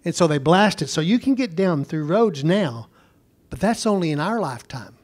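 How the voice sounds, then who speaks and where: A man teaching a Bible lesson as a home missionary, telling an anecdote in an animated way and acting out both sides of a conversation. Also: a little high, normal speed.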